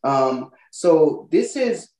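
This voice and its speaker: A woman from Hawaii with a Hawaiian Pidgin accent talks in an easygoing way as an interview guest, often tagging her sentences with "you know what I mean". Her voice sits low for a woman. She is picked up from a distance in an echoing room. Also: very animated, very slow, dark tone. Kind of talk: casual interview. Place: now living in Texas. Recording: roomy, distant from the mic.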